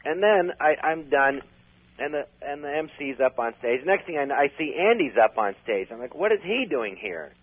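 A man's voice: fairly high pitch, lively intonation, moderate pace. A man telling a long story in a casual, rambling way, full of restarts. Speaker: comedian guest. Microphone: phone. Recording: tinny phone line.

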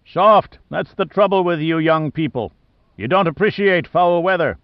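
A man voicing a gruff, blustery male naval captain who roars and growls his orders, in a storybook reading. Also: medium pitch, animated, normal speed, dry recording, muffled recording, lightly acted. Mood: roaring. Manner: roaring, growling, curt.

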